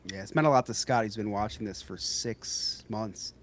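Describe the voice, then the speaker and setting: A man's voice: fairly low pitch, moderate pace, slight background noise. A man co-hosting a casual podcast, joking and laughing mid-sentence. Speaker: podcast co-host. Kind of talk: casual chat.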